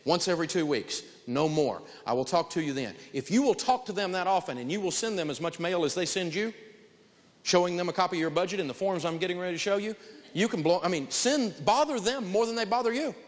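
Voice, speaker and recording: A man lectures on handling debt in a blunt, emphatic, folksy way. His voice sits slightly high for a man. The sound rings with the long reverb of a large hall. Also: animated, fast talker. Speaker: personal finance teacher. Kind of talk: lecturing an audience.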